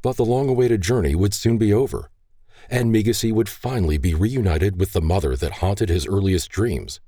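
Studio-clean and free of echo, the recording captures a man with a fairly low voice narrating an audiobook script, his storytelling measured and expressive.

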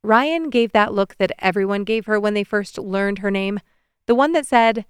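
Narrating an audiobook, a woman keeps a steady, measured delivery in a clear, smooth voice of middling pitch. The sound is close-miked and dry, with no room ambience at all.

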